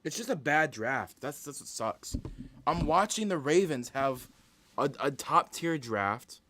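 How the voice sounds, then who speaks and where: A man's voice: fairly high pitch, expressive, measured pace, fairly bright tone, a little hiss or hum. Fired-up young man ranting about a draft. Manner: frustrated, repetitive venting. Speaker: sports stream host. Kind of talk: live-stream draft reaction.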